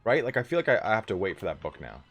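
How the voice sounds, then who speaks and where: A man streaming a strategy game live, chatting casually with viewers, swearing freely and breaking into excited outbursts. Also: lowish voice, racing, breathy edge, faint music behind. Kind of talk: casual live gameplay commentary.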